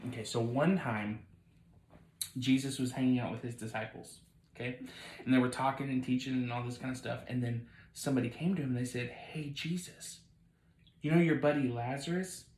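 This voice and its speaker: A man with a middle-pitched voice tells a small child a Bible story in a casual, playful way. He keeps things warm and encouraging, like a parent at bedtime. The bedroom has noticeable echo. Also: steady tone, normal speed. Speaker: parent hosting a home video with his child. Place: child's bed at home.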